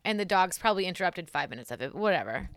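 A young woman co-hosting a podcast in casual chat, teasing and lively. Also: on the low side, fast talker. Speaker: podcast co-host.

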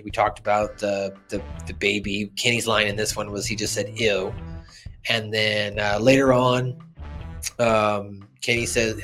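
A man co-hosting a casual podcast, retelling cartoon scenes and jumping into high put-on character voices. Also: sharp tone. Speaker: podcast co-host.

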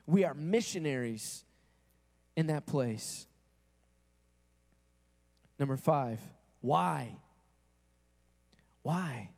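A man's voice: a little high, lively intonation, slow pace, pauses often, dark tone. A male pastor preaching a sermon to his congregation in a conversational way, asking them questions and acting out quoted voices. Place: church sanctuary. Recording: long reverb in a church hall.

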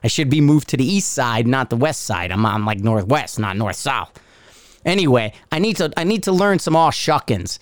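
A man's voice: mid-range voice, very animated, moderate pace, no echo. Sarcastic ranting Northeastern US man. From Connecticut. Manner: profane, sarcastic, rambling. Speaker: podcast host. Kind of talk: ranting podcast monologue.

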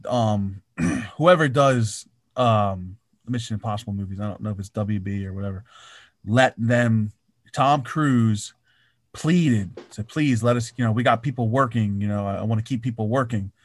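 A man's voice: medium pitch, dry recording. Profane man telling stories, dry sound. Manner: profane, animated storytelling, acts out quotes loudly. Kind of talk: casual chat.

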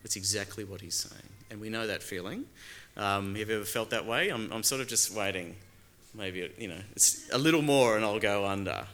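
A middle-aged male pastor preaching in a relaxed, conversational way, asking rhetorical questions and pausing with fillers. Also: on the low side. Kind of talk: sermon.

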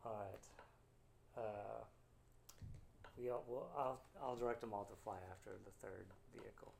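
A man's voice: lowish voice, fairly even intonation, a little slow, vocal fry, darkish tone, a little hiss or hum. A young adult man playing a tabletop game, casually talking through his moves. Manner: casual, plans moves aloud. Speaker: player.

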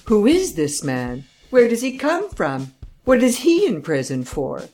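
A woman's voice: low voice, sing-song, normal speed, darkish tone, faint music behind. A woman voicing a stern, impatient male judge who fires off incredulous questions in a raised voice. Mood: exasperated.

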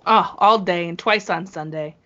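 A woman's voice: fairly low pitch, normal speed, a bit bright. A woman co-hosting a wrestling podcast, chatting casually and gushing with enthusiasm. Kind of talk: casual chat. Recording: muffled lo-fi sound.

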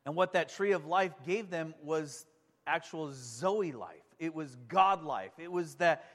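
High-voiced male preacher in a reverberant hall. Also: animated, measured pace, fairly bright tone. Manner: enthusiastic, conversational, asks the congregation questions. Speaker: pastor. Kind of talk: sermon.

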